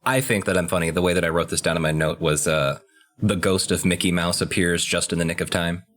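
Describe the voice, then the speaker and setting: A man co-hosting a podcast, chatting casually about a video game and getting excited about key story moments. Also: brisk. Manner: excitable, pitch jumps high when enthused. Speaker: podcast co-host.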